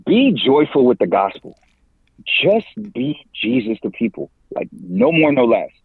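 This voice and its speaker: A man in his forties, a podcast guest and campus minister, talking in a lively, slangy way and laughing often. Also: mid-range voice, a little slow, slightly rough, dry recording. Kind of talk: casual interview talk. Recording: tinny phone-like line, dry.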